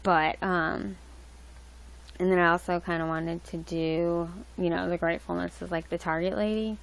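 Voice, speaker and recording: Young woman livestream host, lowish gravelly voice, rambling casual chat. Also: flat delivery, moderate pace, low-quality recording. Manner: rambling, loose, with many fillers and restarts. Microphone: laptop mic.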